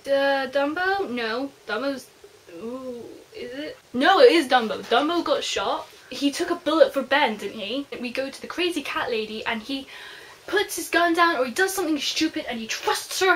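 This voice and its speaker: A woman's voice: fairly high pitch, a little fast, fairly bright tone, rough recording. A young adult woman giving a casual book review, chatting like a gushing fan and filling her talk with "like".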